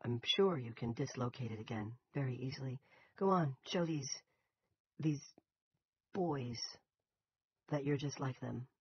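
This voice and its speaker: A woman's voice: a bass voice, unhurried, long pauses, breathy edge, muffled recording, voice pushed up, exaggerated voice. A man reading the lines of a wounded, defiant woman pastor in an audiobook. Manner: defiant, sharp-tongued.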